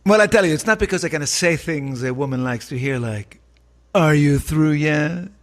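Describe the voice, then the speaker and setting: A man impersonating a smug, swaggering male stand-up comic who delivers boastful deadpan punchlines. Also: fairly high pitch, normal speed, lightly acted.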